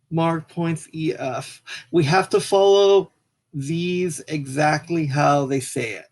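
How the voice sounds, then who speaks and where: Casual man talking through a math tutorial. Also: on the high side. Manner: casual, talks while clicking, apologizes for slips. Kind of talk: screen-recorded software tutorial.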